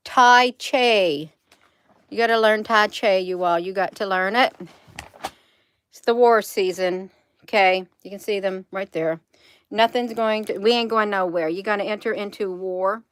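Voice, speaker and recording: A woman's voice: medium pitch, fairly bright tone, smooth, dry recording. A woman, rambling emphatically to her viewers in a casual livestream. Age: 50s. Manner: rambling, emphatic, addresses viewers as "you all". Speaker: channel host.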